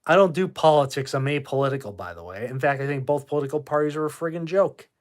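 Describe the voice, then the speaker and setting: A man hosting a live stream from his room at home, reading chat and answering bluntly with plenty of swearing. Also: on the high side. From Boston. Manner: blunt, profane, quick to dismiss with a laugh. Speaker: livestream host reading chat. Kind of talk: casual livestream chat.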